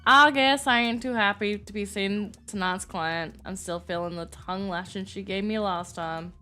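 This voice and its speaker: A woman's voice: medium pitch, fairly even intonation, moderate pace, pushed and bright, soft background music, natural voice. Give me a woman playing an easygoing young American cowboy with a folksy Southern drawl. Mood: uneasy. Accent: American Southern, put on.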